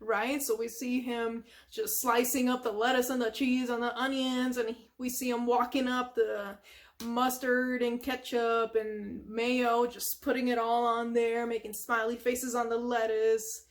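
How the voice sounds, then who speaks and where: High-voiced woman host, casual, rambling retelling full of fillers. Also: flat delivery, unhurried. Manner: rambling, with lots of filler words and sound effects. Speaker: ASMR channel host. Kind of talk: casual retelling of a cartoon from memory.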